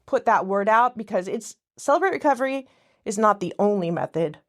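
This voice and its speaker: A woman's voice: mid-range voice, animated, a little fast. A woman guest in casual podcast conversation, talking in a rambling way that often breaks off and restarts mid-sentence. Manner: rambling, self-interrupting, frequent restarts.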